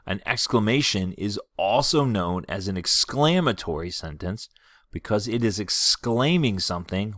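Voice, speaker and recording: Patient teacher man, low voice. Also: fairly bright tone, no echo, clean studio sound. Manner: clear, patient explaining, reads example sentences slowly and expressively. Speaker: third grade teacher. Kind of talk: classroom lesson video.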